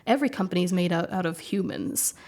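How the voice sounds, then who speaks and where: A woman from the United States with an American accent softened by British intonation, speaking as an interview guest in a chatty way with many fillers. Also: on the low side, fast. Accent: American with British-influenced intonation. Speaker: guest, legal expert. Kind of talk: conversational interview.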